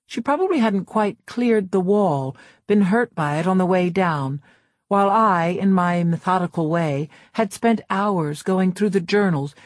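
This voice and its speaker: Woman audiobook narrator, low pitch, dry close studio sound, measured and even. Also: no room sound. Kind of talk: scripted first-person narration. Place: recording studio. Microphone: close studio mic.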